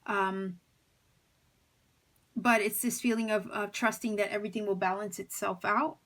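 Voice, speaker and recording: A woman reading tarot cards for her viewers, speaking at a middle pitch. She has a slight lisp and muses her way through each card, pausing with fillers and restarting her sentences. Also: fairly even intonation, fairly bright tone. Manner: musing, hesitant, many fillers and restarts. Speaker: tarot reader.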